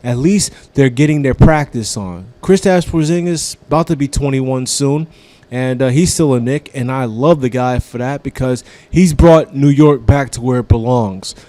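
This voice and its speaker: A man's voice: mid-range voice, darkish tone. A man hosting a comedy radio show, giving a casual, profane sports rant like a devoted fan.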